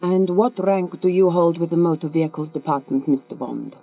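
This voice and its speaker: A woman's voice: lowish voice, normal speed, gravelly, husky. A woman reading an audiobook, voicing a seductive Russian femme fatale with a teasing, coolly mocking manner. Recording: tinny, phone-like with mains hum.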